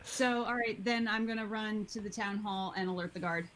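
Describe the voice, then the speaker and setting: A woman at a tabletop game, working out her next move step by step with plenty of ums. Her voice is mid-pitched, with a faint hiss behind it. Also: fairly bright tone, rough recording. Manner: deliberate, practical, with hesitations. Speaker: player. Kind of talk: casual tabletop play.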